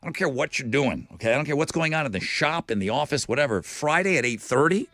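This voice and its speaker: A man hosting a morning radio show, talking in energetic, excitable, rambling studio banter. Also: fairly high pitch, fast.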